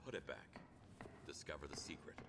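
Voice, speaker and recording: A man's voice: very deep voice, animated, moderate pace, gravelly, heavily acted. An actor playing a weary male crime scene cleaner who mutters to himself in a game. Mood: muttering. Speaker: game protagonist. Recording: quiet game audio with loud noise.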